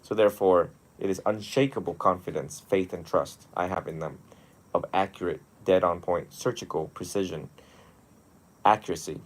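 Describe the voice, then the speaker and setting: Low-voiced man telling stories animatedly. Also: normal speed. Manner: animated storytelling, often laughing. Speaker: monastic teacher. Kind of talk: one-on-one mentoring talk.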